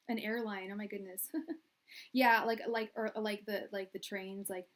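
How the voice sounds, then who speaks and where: A woman hosting a tarot live stream from a room at her parents' house, chatting in a soft, soothing voice with many fillers and restarts. Her audio comes through quiet and low. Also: a little slow, pauses often, low-quality recording. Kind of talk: casual live-stream chat. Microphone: quiet, low-level live-stream audio.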